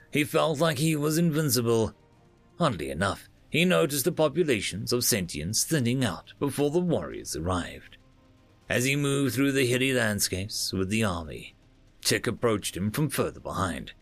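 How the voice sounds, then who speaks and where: A male storyteller with a gravelly, fried edge to his voice, reading a fantasy tale with a lively, swooping delivery. The sound is dry and close, with faint music underneath. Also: medium pitch, dry recording. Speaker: narrator. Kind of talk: storytelling narration.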